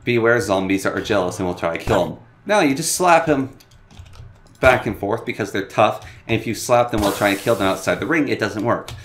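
A man's voice: fairly quick, slight background noise. A man hosting a casual, joking game tutorial in a playful manner. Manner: playful and joking, bouncing pitch.

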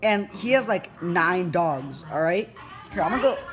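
A man's voice: sits high, expressive, normal speed, soft background music. A teenage boy vlogging, retelling an incident in a rambling way full of fillers. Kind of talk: casual storytelling to camera.

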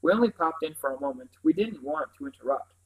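A man's voice: a little high, lively intonation, fast talker, natural voice, poor audio. A man voicing a chatty, breezy young woman visitor in a storybook reading.

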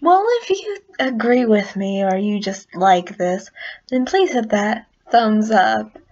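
A woman's voice: medium pitch, lively intonation, takes it slowly, darkish tone. A woman vlogger chatting casually and making self-deprecating asides, recorded at night in a dim room on a dull lo-fi recording. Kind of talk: casual vlog.

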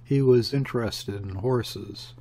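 A man reading a classic novel aloud as an audiobook narrator, in a steady, unhurried way. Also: mid-range voice. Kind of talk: measured literary narration.

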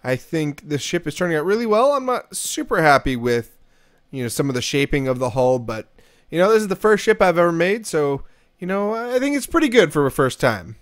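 A man giving upbeat, chatty commentary over his game footage, with quick self-deprecating laughs. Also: on the high side, very animated. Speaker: Minecraft let's-play creator.

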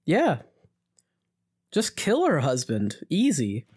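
Sex: man. Role: podcast co-host. Style: casual banter. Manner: teasing and jokey, with a lively, bouncing pitch. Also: takes it slowly, slightly rough. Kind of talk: casual chat about musicals.

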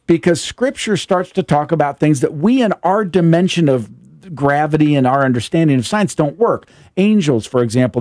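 A man's voice: fairly high pitch, a little mellow, no echo, studio quality. Joking male radio show host. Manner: jokey, laughs easily. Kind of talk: casual talk radio chat.

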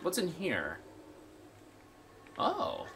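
A man chatting loosely over his gameplay, his voice sitting a bit high and leaping up and down as he reacts. He swears freely and gets excitable, with a faint hiss of noise behind him. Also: extremely slow. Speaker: gameplay streamer. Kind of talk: let's play commentary.

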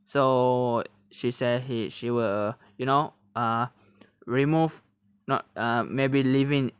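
A man hosting a reaction video, talking casually in halting English, often laughing and exclaiming. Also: medium pitch, fairly even intonation, smooth, no echo, studio quality.

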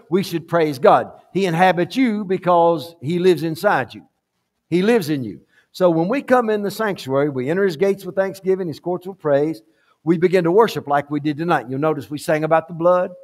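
In a church sanctuary, a male pastor preaches a sermon with emphatic, repetitive delivery. He swings between quiet, low asides and loud climaxes.

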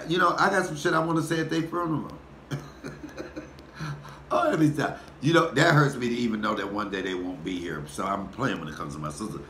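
Profane man ranting at camera. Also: mid-range voice. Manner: profane, animated storytelling. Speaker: comedian vlogger. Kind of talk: casual mukbang rant. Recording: echoey room with faint noise.

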